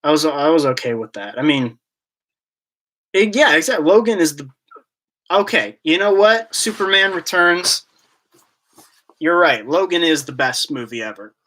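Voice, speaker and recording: A man's voice: on the high side, expressive, normal speed, long pauses, a bit bright. Man, livestream host, casual chat, rambling, joking. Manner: rambling, jokey, reads chat aloud. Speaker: YouTube collector channel host. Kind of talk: casual live-stream Q&A chat.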